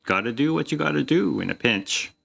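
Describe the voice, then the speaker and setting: A man's voice: mid-range voice, lively intonation, fairly quick, gravelly, a bit bright, soft background music, voice pushed up, full character voice. A man voicing an evasive middle-aged innkeeper who dodges questions in a folksy drawl. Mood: wheedling.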